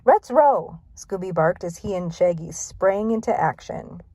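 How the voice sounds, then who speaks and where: A woman narrating a children's mystery storybook in a clear, even reading voice. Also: fairly low pitch, moderate pace, no echo. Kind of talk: storybook read-aloud.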